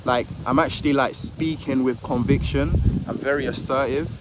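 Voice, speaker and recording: A man's voice: medium pitch, fairly even intonation, normal speed. A young man giving casual advice to the camera outdoors in a park. He rambles, fills gaps with "like", and stammers a little. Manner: rambling, filler-heavy, says "like" a lot; a little jittery, stammers on words. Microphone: phone or camera held facing him. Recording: outdoor street noise with passing traffic.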